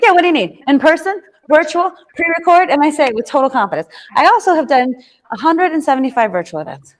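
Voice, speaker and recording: Bubbly high-voiced woman telling a story. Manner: animated storytelling, laughs often, acts out her own past lines; frequent tag "right?" and "like" fillers. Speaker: professional speaker. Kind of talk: keynote talk with personal story.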